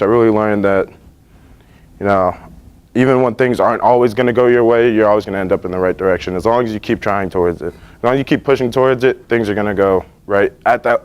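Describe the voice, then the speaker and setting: A young man in his late teens giving a class presentation about his internships, earnest and relaxed, with many fillers and restarts. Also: fairly low pitch, clean tone. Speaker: student presenter. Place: school library.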